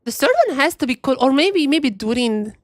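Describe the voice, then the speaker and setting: A young woman streaming a game and commentating emphatically, repeating herself and brushing off ideas quickly. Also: high voice, expressive, no echo, studio quality. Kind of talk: live gameplay commentary.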